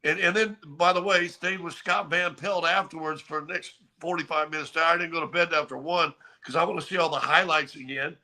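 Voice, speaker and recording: An older man co-hosting a casual sports talk show, telling stories in an animated way and often repeating his words as he starts a sentence. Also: a little high, a little fast, few pauses. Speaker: co-host.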